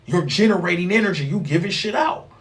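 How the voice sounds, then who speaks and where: A young man delivering a rambling, profane spiritual monologue, animated, with sudden loud outbursts. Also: high-pitched, fairly quick. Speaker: spiritual vlogger.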